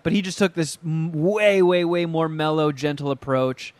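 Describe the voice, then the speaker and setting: A man in casual podcast chat, telling stories in a profane, animated way and acting out quotes. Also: on the high side, normal speed, no room sound.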